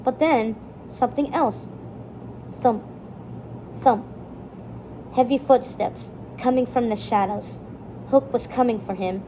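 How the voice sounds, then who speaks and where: A woman reads a children's chapter book aloud in a steady, expressive way. Her voice is warm and mellow, and it sits fairly high. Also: normal speed, slight background noise, low-quality recording. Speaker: storybook reader.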